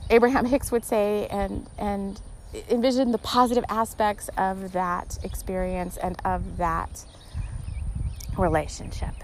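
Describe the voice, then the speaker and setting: A woman hosts a spiritual podcast, offering casual guidance in a mid-range voice with a slight hiss or hum in the audio. She talks earnestly and rambles, restarting often and becoming emotional.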